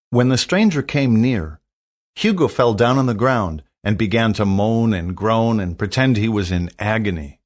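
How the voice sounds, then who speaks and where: A man reading a storybook aloud for learners, narrating in a careful, expressive way. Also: on the low side, moderate pace.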